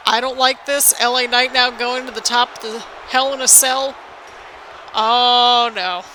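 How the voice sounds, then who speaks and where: A woman giving excited, anxious play-by-play commentary over a wrestling video game, exclaiming often and talking to viewers as "people". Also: a little high, unhurried, a little hiss or hum, rough recording. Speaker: gaming video host.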